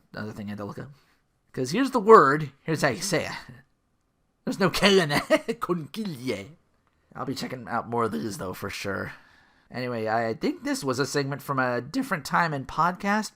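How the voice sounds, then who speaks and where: A man hosting his own podcast, talking alone in a loose, rambling style. His pitch is lively and bounces up and down a lot. He keeps tripping over his words and running himself down. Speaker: podcast host. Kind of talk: casual solo podcast monologue.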